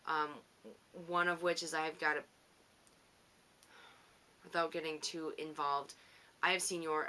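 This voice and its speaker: A woman with a fairly low voice that still has a bright, forward edge talks through her week as a podcast host. She rambles, teases herself and laughs easily in a loose, unscripted monologue. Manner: chatty, rambling, self-teasing, quick to laugh. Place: home on the coast.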